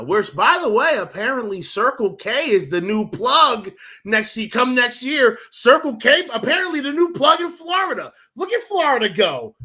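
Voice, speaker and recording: Hyped, loud sports-talk man. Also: very high-pitched, sing-song, moderate pace, husky. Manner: loud, hyped, profane, repeats himself. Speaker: podcast co-host. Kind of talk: casual sports chat.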